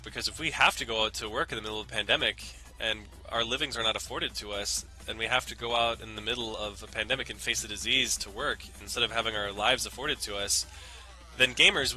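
A man's voice: mid-range voice, a little fast, bright, forceful tone. A young man casually commenting on his gameplay in a rambling, jokey way, swearing often. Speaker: let's play host. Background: faint game music.

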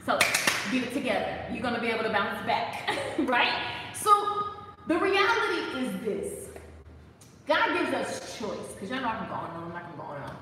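A woman giving a casual, animated devotional talk, playful and preachy and full of laughs. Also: fairly high pitch, moderate pace, heavy reverb, big-room sound, recorded from a distance, background noise. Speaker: faith talk host.

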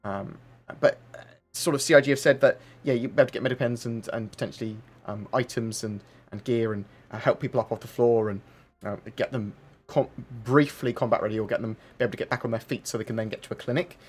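A man's voice: mid-range voice, fast talker, breathy edge. A man hosting a casual livestream, reading out viewer questions and answering in a rambling, chatty way with plenty of fillers. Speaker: livestream host.

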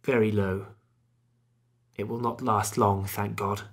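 A man voicing a gloomy, frightened Victorian doctor, speaking low and wearily in a husky voice. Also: moderate pace. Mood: dreary. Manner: low, weary and drearily quiet.

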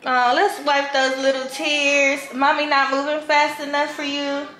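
A young woman, feeding her baby at home and cooing at her in slow, soothing baby talk. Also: sits high, flat delivery, sharp tone, roomy sound, slight background noise, rough recording. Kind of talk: home vlog, talking to a baby. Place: home kitchen with a TV on.

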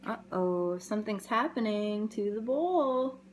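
Slow, gentle woman reading a picture book aloud. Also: medium pitch, a little hiss or hum. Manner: gentle, expressive storytelling with sound effects. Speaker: early childhood educator.

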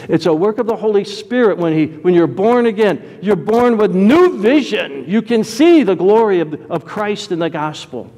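A male preacher delivers his sermon with an animated, swooping voice that sits a little high, jumping from loud exclamations to low asides. The sound carries the long reverb of a church hall. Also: moderate pace, few pauses.

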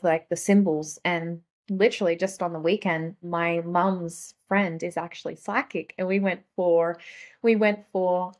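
A woman's voice: on the low side, a little mellow. A young adult woman, a guest on a talk show, telling stories in casual chat with lots of "like" fillers. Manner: chatty, heavy use of "like" fillers. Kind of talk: casual conversational storytelling.

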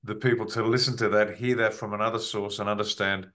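A man's voice: fairly low pitch, fairly even intonation, quick pace, bright, forceful tone. Man, host, video call, hesitant, repeats words, affirming. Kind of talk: online video call interview.

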